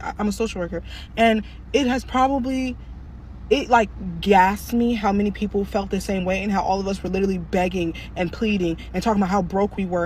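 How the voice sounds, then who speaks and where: A woman's voice: on the high side, slight background noise. A woman in her twenties, a social worker, venting angrily and swearing through a string of rhetorical questions. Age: 20s. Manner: furious, swearing heavily, rapid rhetorical questions. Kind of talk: angry venting monologue.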